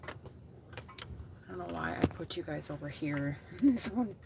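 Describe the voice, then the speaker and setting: Slow, gravelly-voiced woman chatting from her car. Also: deep voice, expressive, very noisy. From Wisconsin, USA. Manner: blunt, swears freely, talks to her chat and laughs often. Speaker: gig-work streamer. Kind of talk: casual livestream chat while driving.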